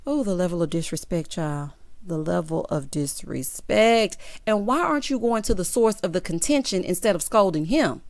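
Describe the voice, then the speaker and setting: A woman's voice: on the low side, dry recording. Sassy Southern woman recapping TV. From American South. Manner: sassy, expressive, quick to react with laughter and asides. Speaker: show recap host. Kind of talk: casual reality TV recap.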